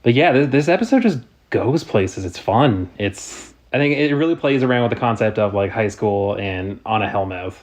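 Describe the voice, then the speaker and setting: Dry low-voiced man. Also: expressive, moderate pace, few pauses, a little mellow. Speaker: podcast co-host. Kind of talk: casual chat.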